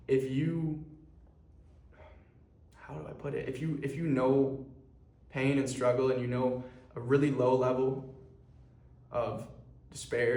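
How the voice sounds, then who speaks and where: A man's voice: medium pitch, a little mellow. A young man talking earnestly to camera in a rambling way, with plenty of fillers. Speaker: clothing brand founder. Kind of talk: personal vlog monologue. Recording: echoey room.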